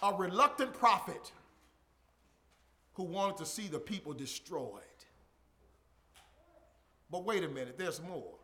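A man preaching a sermon, emphatic and repetitive, swinging from shouted lines to quiet murmurs. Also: sits high, lively intonation, slow pace, pauses often.

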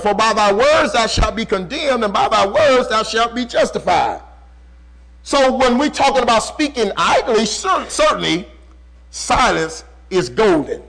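A man delivers a sermon in a high voice, swinging between loud, pressing passages and near-hushed lines. He slows right down to stress key phrases and repeats them to drive the point home. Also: rough recording. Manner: preaching with dramatic swings in volume and slow, drawn-out emphasis. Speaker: preacher.

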